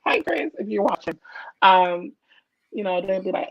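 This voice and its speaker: A woman's voice: fairly low pitch, unhurried, no echo. A woman, a comic editor, chatting casually on a video call and telling stories bluntly and emphatically. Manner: blunt, emphatic, animated storytelling. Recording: dull dry lo-fi call audio.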